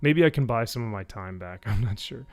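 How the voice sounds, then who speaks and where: A man in a casual live-stream review, talking in a sarcastic, animated way with many fillers. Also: a little fast. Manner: animated, sarcastic, many fillers, mimics people with high voices. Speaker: YouTube reviewer.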